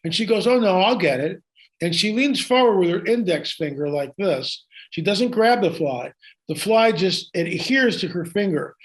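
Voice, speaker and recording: A man speaks high in his register as he recounts a story for an interviewer. He talks excitedly, doubling back and restarting his sentences as he goes. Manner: excited, with frequent restarts and asides. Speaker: guest.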